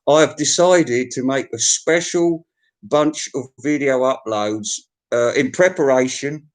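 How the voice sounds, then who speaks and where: Foul-mouthed man ranting live. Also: mid-range voice. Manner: profane, sarcastic, mocking rant. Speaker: vinyl collector channel host. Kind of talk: ranting live-stream chat.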